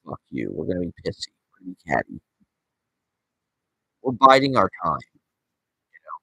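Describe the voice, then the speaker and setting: A man's voice: sits low, big pitch swings, moderate pace, creaky, pushed and bright, breathy edge, no echo, rough recording. A man in his forties rambling and ranting sarcastically and profanely as he hosts his show solo. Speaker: podcast host. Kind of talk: solo casual rant.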